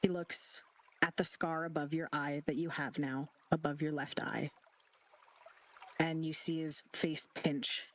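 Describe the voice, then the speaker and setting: A game master narrating a tabletop role-play scene in close detail, with halting restarts. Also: medium pitch, little pitch movement.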